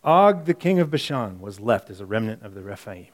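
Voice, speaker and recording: A man preaching a sermon in a conversational way, reading scripture aloud and moving between quiet, muttered asides and emphatic bursts, often repeating and correcting himself. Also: lowish voice, very animated, brisk. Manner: self-correcting, repeats words. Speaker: pastor.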